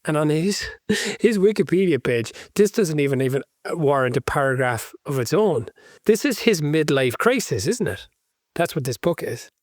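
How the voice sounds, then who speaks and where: Male co-host, earnest and keen, slightly higher voice, dry close mic. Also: lively intonation, normal speed, no echo. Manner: enthusiastic, earnest, thinks aloud with restarts. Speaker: podcast co-host. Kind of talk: casual book-club chat.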